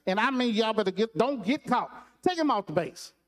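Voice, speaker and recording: A preacher doing a fussing Marine drill sergeant. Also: male voice, high-pitched, animated, a little fast, long reverb tail, pitched above the performer's own voice. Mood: commanding. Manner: scolding, barking orders. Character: bossy shouting male Marine drill sergeant.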